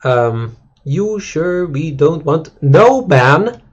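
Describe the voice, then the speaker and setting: Male streamer, husky and a bit raspy, crude rambling chat on a dull lo-fi mic. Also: fairly high pitch, very animated, extremely slow. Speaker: game streamer. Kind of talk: casual rant to stream chat.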